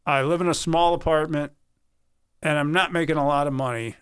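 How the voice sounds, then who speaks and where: Earnest, slightly high-voiced man telling stories. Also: brisk, clear, resonant tone. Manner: earnest, animated storyteller who acts out quoted voices. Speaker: sportscaster guest. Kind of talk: interview storytelling.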